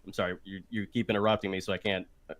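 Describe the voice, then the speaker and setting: A man's voice: sits low, little pitch movement, very fast, crowd noise. A man in a heated online debate, mocking at times and arguing back when interrupted. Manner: mocking, joking, then argumentative. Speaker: debate participant.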